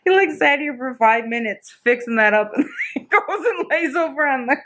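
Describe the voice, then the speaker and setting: A woman's voice: sits high, a bit bright, slight background noise. A woman hosting a casual home vlog from her living room, chatting and laughing often. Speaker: vlog host.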